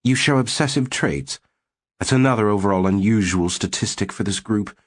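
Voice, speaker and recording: A man's voice: fairly low pitch, moderate pace, natural voice. A man voicing a skinny, pushy male psychologist with a clinical, condescending manner.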